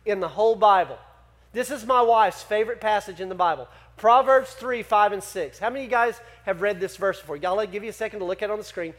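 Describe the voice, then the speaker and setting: Preaching a sermon to his congregation, a male pastor with a strikingly high voice keeps peppering the crowd with questions to engage them. He's animated, shifting between forceful emphasis and calmer explaining.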